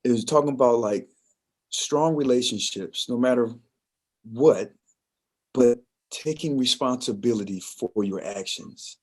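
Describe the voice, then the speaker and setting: A man's voice: medium pitch, unhurried, darkish tone. A man hosting a podcast, talking in an enthusiastic, affirming way with loose, rambling sentences. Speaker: podcast host. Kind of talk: podcast conversation.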